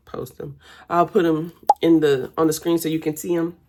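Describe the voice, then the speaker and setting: A woman's voice: low voice, little pitch movement, brisk, noisy background. A young woman, chatting casually with her viewers while doing her makeup at home. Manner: chatty, addresses viewers as y'all. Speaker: vlogger.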